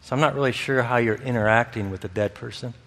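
A man preaching, in a voice of ordinary pitch for a man, telling stories with laughs and acting out the people in them. His voice rings with a long reverb from the hall. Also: fast, fairly bright tone. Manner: storytelling, acts out quoted voices, laughs often. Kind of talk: sermon.

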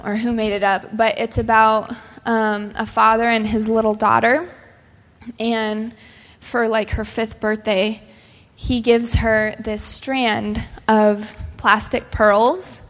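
Young woman, sermon-style talk, higher voice, earnest storytelling, long hall reverb. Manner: earnest storytelling with casual fillers. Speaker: speaker.

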